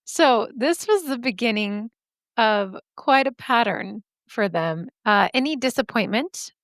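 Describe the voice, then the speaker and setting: A woman hosts a true-crime podcast in a relaxed, chatty way. Her voice sits in an ordinary middle range and is recorded dry and close, with almost no room sound. She laughs often and breaks in with sassy asides. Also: mid-range voice, no echo. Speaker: podcast host. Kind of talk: casual true-crime storytelling.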